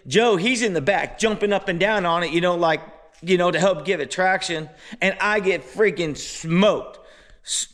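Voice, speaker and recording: Man, high voice, casual storytelling, animated, exasperated. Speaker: motorbike vlogger.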